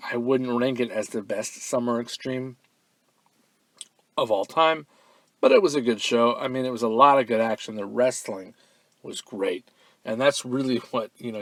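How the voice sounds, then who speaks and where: A man hosting a fan-mail podcast in a relaxed, offhand way, full of ums and uhs, now and then breaking into loud, profane excitement. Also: mid-range voice, no echo. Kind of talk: casual podcast chat.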